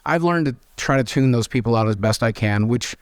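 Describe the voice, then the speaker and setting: A man's voice: mid-range voice, brisk, no room sound, clean studio sound. A man with an American accent, an interview guest telling candid stories and acting out the voices of people in them. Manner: animated, acts out quoted voices, frank and self-deprecating. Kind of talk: candid conversational storytelling.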